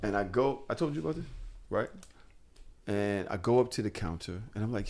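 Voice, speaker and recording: A man hosting a podcast in casual chat, telling stories in a blunt, animated and profane way. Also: lowish voice, brisk. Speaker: podcast host.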